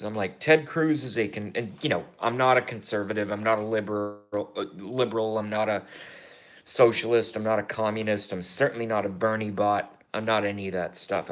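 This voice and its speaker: A man in his thirties rambling through a political vlog monologue, excitable and profane, swinging from mumbled asides to loud outbursts and repeating himself. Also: on the low side. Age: 30s. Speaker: YouTuber.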